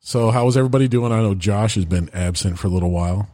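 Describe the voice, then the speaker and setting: A man's voice: fairly low pitch, quick pace, mellow, no echo. A man hosting a podcast in casual chat, teasing and conversational. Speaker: podcast host.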